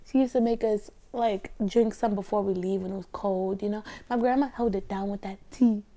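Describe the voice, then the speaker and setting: A young adult woman talking casually while eating, sliding between soft speech and whispers, rambling through stories full of "like". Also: mid-range voice, fairly even intonation, normal speed. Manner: rambling storyteller, heavy filler 'like'. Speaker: ASMR mukbang creator.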